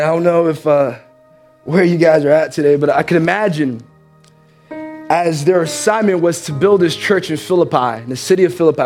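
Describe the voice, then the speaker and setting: A man preaching in church, telling a story with energy and acting out the characters. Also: on the high side. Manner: animated, acts out the characters. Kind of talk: sermon storytelling.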